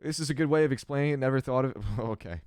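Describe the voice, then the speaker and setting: Smooth-voiced sardonic male streamer. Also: mid-range voice, rapid-fire, a little mellow, no echo, clean studio sound. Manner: crass, sardonic, swears freely. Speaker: streamer reading chat. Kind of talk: casual livestream chat.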